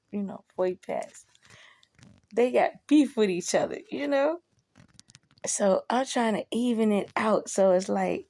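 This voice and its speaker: A woman with a gravelly, dark voice tells a personal story in a slow, unhurried way. She talks bluntly and swears freely, breaking into emphatic bursts. The sound is dry and close. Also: a little high, dry recording. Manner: blunt and profane, with emphatic outbursts. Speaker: vlogger telling a personal story. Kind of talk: casual storytelling.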